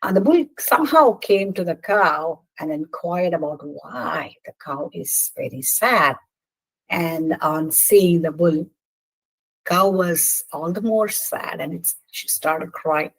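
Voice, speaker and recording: A woman with a soft, slightly husky, lowish voice tells a scripture story in a devotional talk. She is earnest and puts gentle stress on the characters' lines. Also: expressive, takes it slowly, low-quality recording. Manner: earnest, retells dialogue with gentle emphasis. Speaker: scripture speaker.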